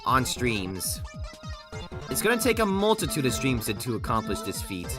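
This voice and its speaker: A game streamer talking casually to chat over video game music, rambling and often restarting sentences. The voice swings up and down in pitch with lively energy. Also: normal speed.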